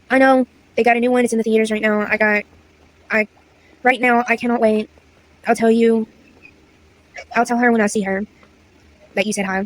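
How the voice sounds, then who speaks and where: Young woman, slightly high voice, chatty, exasperated, story-time vlog, reading texts aloud. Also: poor audio. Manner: chatty, exasperated, slangy asides. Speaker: content creator.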